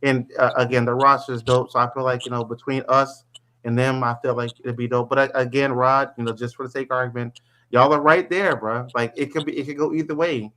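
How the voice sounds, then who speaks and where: A young man hosts a casual sports podcast in a relaxed, rambling way. He laughs often and keeps checking in with "you know what I'm saying." His voice sits at an ordinary middle pitch. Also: brisk. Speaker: podcast host.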